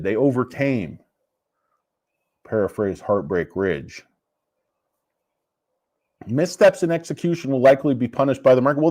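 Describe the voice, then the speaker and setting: A man's voice: mid-range voice, darkish tone. A man ranting casually about a stock, combative and profane. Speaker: stock market commentator. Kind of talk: casual investing rant.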